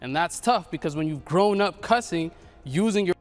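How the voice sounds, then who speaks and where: A man's voice: sits high, lively intonation, normal speed, faint music behind. A man who runs a hip hop platform, speaking assertively and emphatically in a panel discussion.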